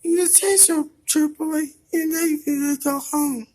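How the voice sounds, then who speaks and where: A performer voicing a teasing, bossy young princess in toy play-acting, with a very high squeaky voice and mocking sing-song taunts. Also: fairly even intonation, a little slow, darkish tone. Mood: taunting.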